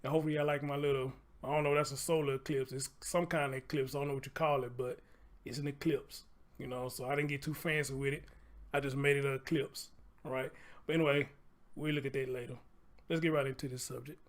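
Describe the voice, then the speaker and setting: A man's voice: medium pitch, level tone, fast talker. A man hosting a casual livestream, chatty and loose, swearing freely and repeating phrases as he talks to viewers. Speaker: livestream host.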